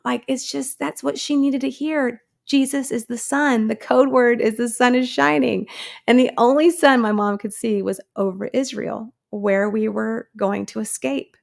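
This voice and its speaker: A woman's voice: fairly high pitch, vocal fry. A woman in her thirties, a guest in an interview, telling her own story earnestly and acting out the people she quotes. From United States.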